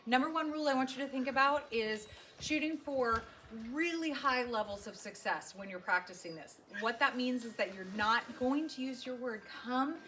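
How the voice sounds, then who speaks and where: A high-pitched woman dog trainer explains recall practice outdoors in a friendly, explanatory way. She is recorded from some distance, and steady background noise runs under her voice. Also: moderate pace. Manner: friendly, explanatory, high excited calls to the puppy. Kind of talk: instructional demo. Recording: outdoor, distant mic, noisy.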